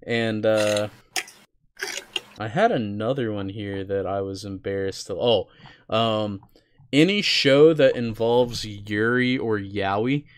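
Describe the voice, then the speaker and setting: Smooth-voiced young man chatting casually. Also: lowish voice, takes it slowly. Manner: laid-back, swears casually, rambling with fillers. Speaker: podcast co-host. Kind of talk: casual chat.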